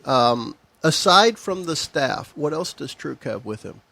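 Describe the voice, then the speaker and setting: Man, game master, tabletop game, slightly high voice, relaxed, frequent fillers. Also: unhurried, vocal fry. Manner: relaxed, laughing, many fillers. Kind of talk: running a tabletop game, casual chat. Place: shed with a group at a table.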